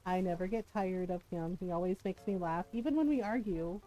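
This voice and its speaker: A woman's voice: on the low side, brisk, mellow, faint music behind, low-quality recording. A woman in her fifties streaming a game, telling stories in casual chat and tagging her sentences with "right?". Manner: chatty, storytelling with lots of "right?" tags. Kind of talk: casual chat while gaming.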